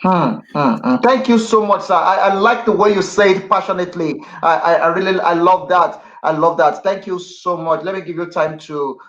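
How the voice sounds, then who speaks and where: A man's voice: high voice, a little fast, a bit bright. A male host who politely thanks his guest, calls him sir and murmurs agreement. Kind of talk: interview hosting. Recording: dull lo-fi sound.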